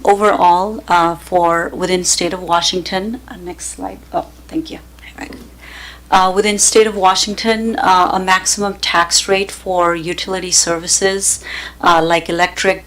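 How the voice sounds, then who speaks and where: A woman's voice: lowish voice, a bit bright, poor audio. A woman, a deputy city manager, presenting to a city council carefully with many fillers. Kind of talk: staff presentation at council meeting. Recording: government meeting broadcast.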